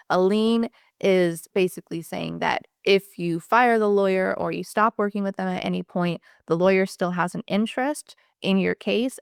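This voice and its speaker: A woman's voice: fairly low pitch, gravelly, dry recording, studio quality. A woman employment attorney explaining legal fees straight to camera in a candid, passionate way, swearing casually.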